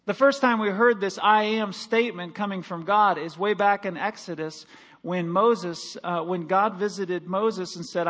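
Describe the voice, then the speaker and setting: A man pastor delivering a sermon, swinging between loud, slow declarations and quiet, quick asides. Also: sits high, steady tone.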